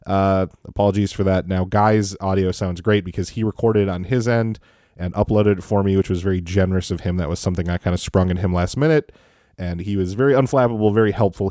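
A man's voice: sits low, warm tone, no echo. A man hosting a podcast in a casual, rambling way, full of fillers and restarts, speaking from a home recording setup. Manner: chatty, rambling with many fillers. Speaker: podcast host.

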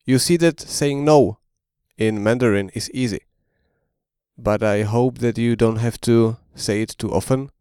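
A man's voice: mid-range voice, dark tone, clean tone, no echo, studio quality. A man teaching a podcast language lesson, speaking carefully and demonstrating pronunciation. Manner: slow, careful, demonstrates tones.

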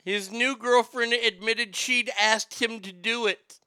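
A man's voice: extremely high pitch, fairly even intonation, slow pace, pushed and bright, clear, resonant tone, no echo. A man hosting a casual comedic chat, wisecracking about odd news stories. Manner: wisecracking, drifting into mocking bits.

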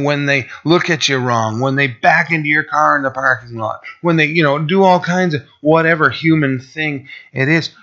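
A man's voice: mid-range voice, sharp tone, muffled recording. A man preaching a sermon to his church, talking in a conversational way that climbs to emphatic peaks. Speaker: pastor.

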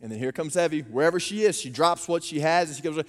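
A man, preaching a sermon and telling family stories with animated impressions. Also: a little high, fast. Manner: animated storytelling, acting out his daughters' voices. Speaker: pastor. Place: church auditorium. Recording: long reverb of a church hall.

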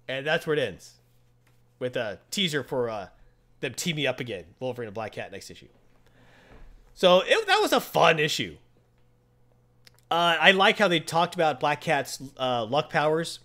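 Chatty podcast guy recapping comics, bright voice, very lively. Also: a little high, moderate pace. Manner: animated, chatty, frequent fillers. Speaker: comic book podcast host. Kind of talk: casual comic book recap.

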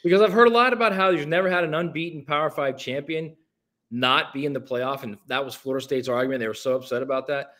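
A man with a slightly high voice talks quickly, pressing his co-host with pointed, challenging questions. His delivery is pushy and argumentative. The setting is a casual sports talk show. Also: pushed and bright.

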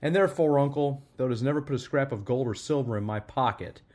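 A man voicing a cheerful, earnest young nephew, with a bright, rising delivery in a storybook reading. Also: mid-range voice, fast talker, natural voice.

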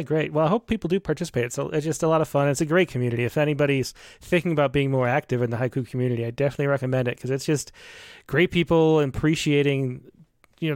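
A man hosts a conversation at a quick pace, upbeat and encouraging. His voice sits at a middling pitch and sounds close and dry. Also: dry recording. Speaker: podcast host. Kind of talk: conversational interview.

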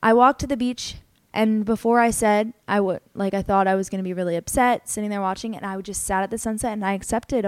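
A woman's voice: mid-range voice, fairly even intonation, fast, clean tone, no echo. A young adult woman hosting a podcast, telling a personal story in an earnest, candid, emotional way, with many "like" fillers. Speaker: podcast host.

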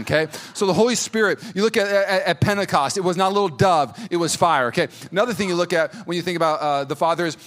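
A man preaching a sermon as pastor, energetic and casual, with many restarts and stammers. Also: high-pitched.

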